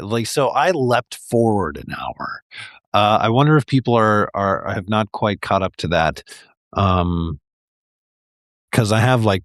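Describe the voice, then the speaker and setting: A man's voice: fairly low pitch, no echo, clean studio sound. A man hosting a livestream, reading a picture book aloud in a chatty, rambling way with many fillers. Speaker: livestream host reading stories. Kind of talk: casual read-aloud storytelling.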